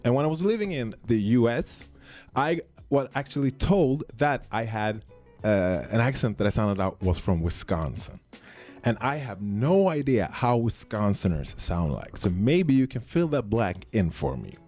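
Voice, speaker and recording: A young man from Sweden, a native Swedish speaker, hosting a podcast in a studio, chatting casually in English with quick restarts. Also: medium pitch, faint music behind. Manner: animated, stammering restarts. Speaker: podcast host.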